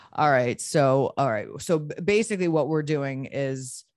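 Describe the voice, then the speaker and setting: A man's voice: mid-range voice, lively intonation, unhurried, no room sound, clean studio sound. A man hosting a podcast, talking bluntly and candidly about his recovery, with frequent restarts and swearing. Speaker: podcast host.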